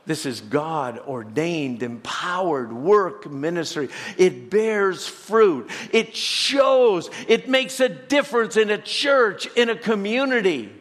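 A pastor preaching a sermon in a church, earnest and emphatic, asking the congregation rhetorical questions. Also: male voice, high-pitched, expressive, slow pace, few pauses, a bit bright, long reverb tail.

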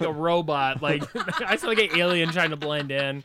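Bright-voiced man telling a wild story. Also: fairly high pitch, fairly quick, hardly any pauses, slight background noise. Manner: animated, swears a lot, laughs while telling. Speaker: podcast guest. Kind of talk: casual storytelling chat. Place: podcast studio.

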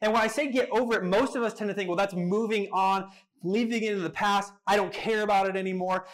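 A young man delivers a sermon in a high, lively voice. He preaches emphatically, leaning on dramatic pauses and quick bursts of humor. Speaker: pastor.

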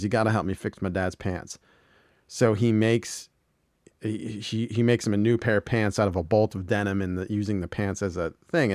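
Guy podcaster, kinda low voice, super dry close sound, rambly and laughing. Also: no echo. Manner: rambling, laughing, swearing, acting out quotes. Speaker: podcast co-host. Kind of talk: casual retelling of TV episodes.

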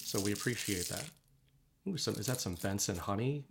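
A man's voice: fairly low pitch, animated, moderate pace, gravelly, noisy background. A man co-hosting a casual podcast, reading out viewer messages in an easygoing way. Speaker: podcast co-host.

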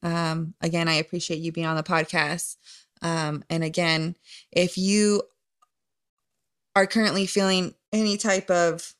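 A woman's voice: lowish voice, flat delivery, measured pace, clean tone. A woman with a nasal voice hosting a podcast in casual chat, talking earnestly and encouragingly, with many ums and restarts. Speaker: podcast host.

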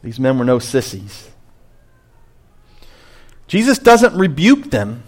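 A man preaching a sermon as pastor, animated, rising high to stress a point and dropping low on asides. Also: slow pace.

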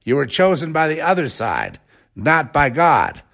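A man's voice: fairly high pitch, wildly swooping pitch, a little slow, vocal fry, fairly bright tone. A man hosting a rambling, sarcastic religious commentary talk.

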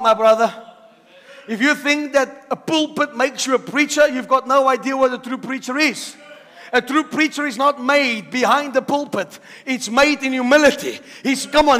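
A male preacher with a very high, bright, forceful voice delivers a sermon in a church hall. He swings from loud shouts to hushed, intense passages and repeats words for emphasis. His voice rings with a long reverb from the hall.

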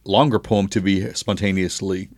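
A man's voice: low-pitched, fairly even intonation, normal speed, dry recording, clean studio sound. A man co-hosting a podcast, joking around and adding playful asides. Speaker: podcast co-host. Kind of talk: casual chat.

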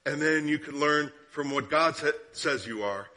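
Man preaching, bright clear voice, storytelling, rhetorical questions, hushed then rising. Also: fairly high pitch, normal speed. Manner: drops to hushed tones for story, rises for questions. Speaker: guest preacher. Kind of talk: sermon.

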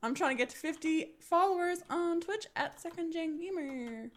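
A woman's voice: extremely high pitch, normal speed. A woman with a New Zealand accent introducing her character casually, laid-back and self-mocking. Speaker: player.

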